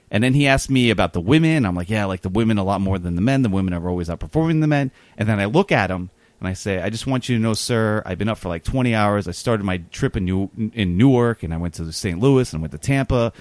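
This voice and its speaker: A man's voice: lowish voice, no echo. Man spinning a rambling anecdote, lots of "uh" and "whatnot", dry mic. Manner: rambling, animated, many fillers. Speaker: guest telling a story. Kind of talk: casual storytelling.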